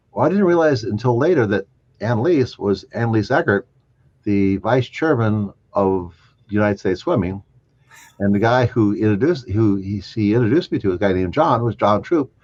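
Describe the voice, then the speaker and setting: A lower-pitched older man recounts his stories in an animated way, slipping into the voices of the people he quotes and laughing as he goes. The sound is dull and lo-fi. It is also dry, with no room echo. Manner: animated anecdotes, acting out quoted voices, chuckling. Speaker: chiropractor and podcast guest. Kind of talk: storytelling interview.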